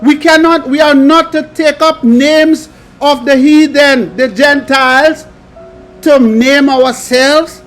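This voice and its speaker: A man preaching, reading scripture aloud and adding emphatic commentary in a slow, drawn-out delivery. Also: extremely high pitch, fairly even intonation, fairly bright tone, faint music behind.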